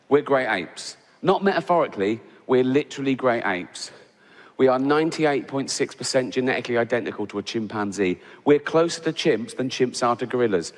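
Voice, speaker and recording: A man from Reading with an English accent performing a stand-up routine, telling crude stories in a blunt, chatty way and often checking in with "right?". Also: mid-range voice. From Reading, England. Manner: blunt, crude, conversational storytelling with frequent "right?". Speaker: stand-up comedian. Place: large theatre before a live audience. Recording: reverberant live theatre with crowd laughter.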